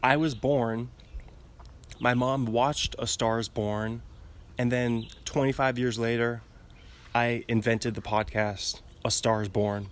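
A man's voice: medium pitch, steady tone, slow pace. A man in his twenties hosting a podcast alone, rambling in casual chat with frequent giggles and restarts. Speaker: podcast host. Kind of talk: casual solo podcast monologue.

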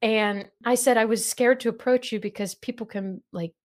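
A woman's voice: a little high, normal speed. A woman hosting a podcast, chatting casually about games and laughing often. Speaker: podcast host. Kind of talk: casual chat.

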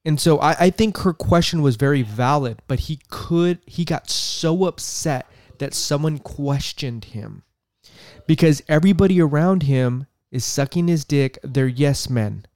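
A man hosts a podcast in a fired-up, profane rant, circling back and repeating his points. His voice sits a little high for a man. The sound is dry and close, with no room echo. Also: unhurried, a little mellow. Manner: profane, exasperated, repeats himself. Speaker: podcast host. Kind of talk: ranting podcast commentary.

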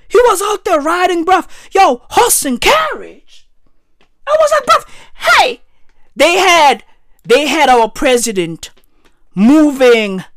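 Woman doing a sweary comedy rant, high voice jumping all over, slow drawn-out delivery. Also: dry recording, clean studio sound. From South Africa. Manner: animated, profane, repeats "bruv" and "right?". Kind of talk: profane satirical rant.

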